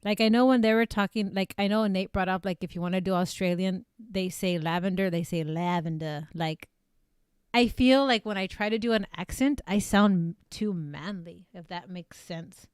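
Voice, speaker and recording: A woman's voice: medium pitch, moderate pace, few pauses, darkish tone, clean tone, dry recording, clean studio sound. A woman voice actress chatting casually on a livestream, rambling with lots of fillers and self-corrections. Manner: reads viewer comments aloud. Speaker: streamer and voice actress.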